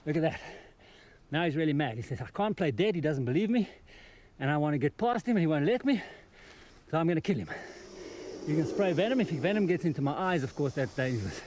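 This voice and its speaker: A man hosting a wildlife documentary, giving excitable on-location field commentary outdoors, exclaiming and talking to the animal in front of him. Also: a little high, fast, pauses often, a little hiss or hum. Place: outdoors in the wild.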